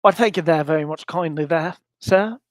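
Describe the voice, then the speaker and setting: A man's voice: on the high side, normal speed, dry recording, studio quality, close to an everyday voice. A man voicing a polite young male hobbit adventurer with folksy manners. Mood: grateful. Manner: courteous, folksy.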